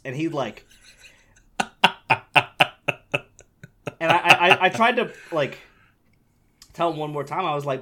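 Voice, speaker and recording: A young man with an animated delivery, casually telling a story on a podcast, swearing freely and acting out the voices of the people in it. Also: on the high side, unhurried, pauses often. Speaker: podcast co-host.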